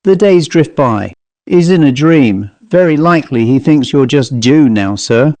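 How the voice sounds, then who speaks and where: A man's voice: mid-range voice, expressive, measured pace, darkish tone, no room sound. A man reading an audiobook, voicing a nervous, fawning male manservant who talks in a raised, cracked voice with ungrammatical, deferential speech. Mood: startled fussing. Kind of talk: audiobook character voice.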